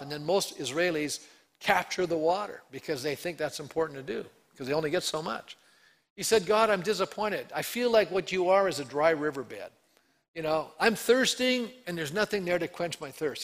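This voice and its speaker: A male pastor with a voice on the high side preaches a sermon conversationally, acting out the voices he quotes with lively shifts.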